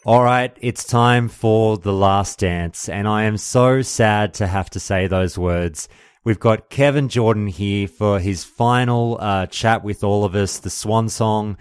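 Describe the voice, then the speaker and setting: Man, podcast host, lowish voice, dry sound, chummy, effusive. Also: slow pace, clear, resonant tone, dry recording. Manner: chummy, effusive, calls everyone mate. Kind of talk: casual call-in chat. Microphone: call recording.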